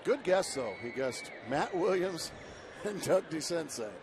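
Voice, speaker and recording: A man's voice: a little high, expressive, slow. Easygoing male baseball analyst, noisy booth. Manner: easygoing, conversational banter. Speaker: color analyst. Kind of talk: baseball TV commentary.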